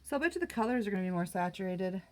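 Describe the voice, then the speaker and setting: A middle-aged woman chatting casually as she paints at home, self-mocking and quick to laugh. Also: mid-range voice, big pitch swings. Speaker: art vlogger. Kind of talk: casual crafting tutorial chat.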